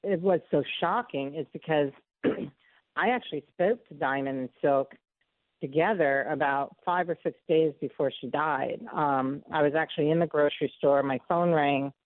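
A woman's voice: deep voice, normal speed, no room sound. Woman guest on a phone interview, earnest, heartfelt storyteller, tinny dry line.

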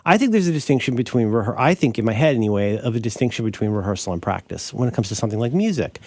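A man co-hosting a podcast in casual chat, rambling and correcting himself as he explains an idea. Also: rapid-fire. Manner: rambling, self-correcting, animated pitch jumps. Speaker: podcast co-host.

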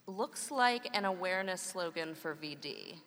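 A woman's voice: fairly low pitch, lively intonation, a little slow, noisy background. A woman in her thirties, a mother and co-host, reading a scripted conversation with wry, playful humor. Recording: long hall reverb.

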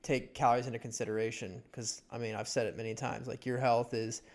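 A man's voice: mid-range voice, flat delivery, fast talker, darkish tone. A man in his twenties co-hosting a podcast, chatting casually and leaning heavily on "like" as a filler. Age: 20s. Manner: filler-heavy, says "like" often. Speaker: podcast co-host.

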